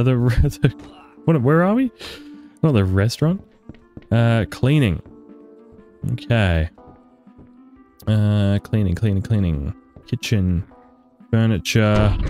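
A young man giving sweary, frantic let's-play commentary, yelping high when panicked. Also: sing-song, a little slow, pauses often, darkish tone, faint music behind. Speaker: gaming YouTuber.

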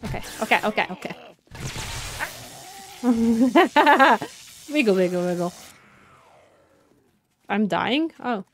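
A woman streaming a survival game, chatting casually with teammates, laughing often and yelling when things go wrong. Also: medium pitch, animated, moderate pace, pauses often, slight background noise. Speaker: gaming streamer. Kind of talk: casual let's-play commentary.

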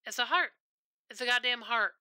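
Bright, crisp-voiced woman game streamer. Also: a little high, moderate pace, dry recording. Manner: rambling, profane storytelling. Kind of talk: casual streaming chat.

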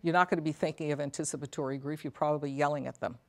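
A woman's voice: deep voice, fairly even intonation, racing. A middle-aged woman, a psychotherapist and elder care coach, speaking earnestly and reflectively to an audience of caregivers and asking them questions. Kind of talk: talk to a caregivers' support audience.

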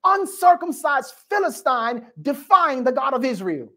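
A man preaching, putting on the voice of a young shepherd boy who shouts defiant declarations. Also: very high-pitched, very animated, measured pace, voice pushed up, heavily acted. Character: young shepherd boy defying a giant, bold.

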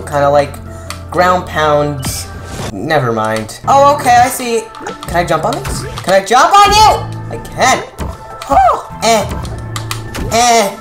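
A man doing casual gameplay commentary, rambling with self-mocking asides and sudden shouted outbursts. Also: high-pitched. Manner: excitable, jumps from mutters to shouted outbursts. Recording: game music playing underneath. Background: game music.

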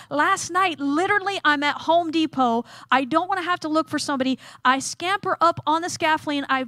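A woman with a high, bright voice preaches in a light, joking way, building her point through self-deprecating stories. She acts out little scenes as she goes. The sound is dry and close, with no room around it. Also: brisk, few pauses, no echo. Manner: animated, self-deprecating storyteller acting out scenes. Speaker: chapel speaker. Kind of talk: humorous sermon storytelling.

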